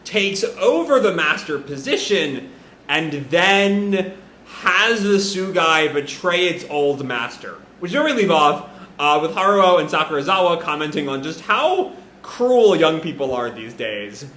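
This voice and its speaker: A man's voice: on the high side, expressive, unhurried, a bit bright, reverberant, a little hiss or hum. A man casually recapping a comic chapter as a reaction host, rambling with lots of fillers and the odd swear word.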